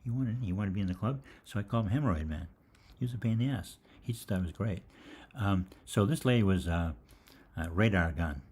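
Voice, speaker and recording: A man's voice: on the low side, quick pace, a little mellow, husky. An older man hosting a live health Q&A, telling rambling, jokey anecdotes with casual swearing.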